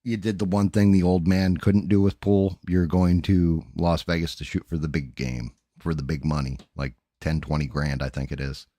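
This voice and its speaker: A man's voice: low-pitched, steady tone, moderate pace, hardly any pauses, mellow, no room sound. A middle-aged man hosting a livestream, chatting casually and candidly with his viewers in a rambling way, swearing freely. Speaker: livestream host. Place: home.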